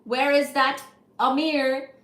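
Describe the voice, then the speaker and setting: Woman, livestream host, casual chat, animated, playful, high voice, echoey room. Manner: animated, playful, greets viewers in rapid repeated bursts. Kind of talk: casual livestream chat reading viewer comments.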